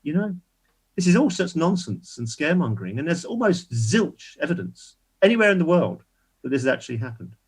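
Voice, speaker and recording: A man's voice: a little high, sing-song, fairly quick, breathy edge. An older man, a guest activist on a casual online panel, making emphatic, indignant points and repeating words as he builds them.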